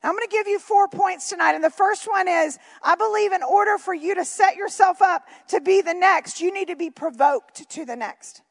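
Very high-voiced woman preaching with gravel. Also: normal speed, hardly any pauses. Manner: chatty asides and jokes to the congregation. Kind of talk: sermon with Bible reading.

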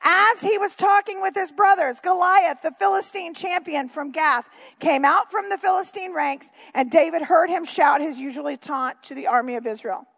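A woman's voice: extremely high pitch, normal speed, a bit bright. A woman preaching a sermon, reading Bible verses and breaking off for chatty, joking asides to the congregation.

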